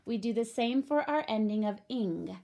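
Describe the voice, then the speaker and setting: A woman's voice: on the high side, expressive, normal speed, creaky, dark tone. A young woman teaching a recorded phonics lesson to young children at home, upbeat and patient, talking straight to the kids.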